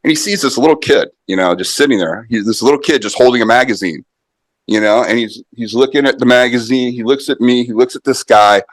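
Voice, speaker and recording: A man's voice: mid-range voice, fairly quick, dry recording. A middle-aged man, a podcast guest, telling a personal story in a conversational way, full of fillers and restarts. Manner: animated anecdote-telling with many fillers and restarts. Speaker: podcast guest, martial arts author.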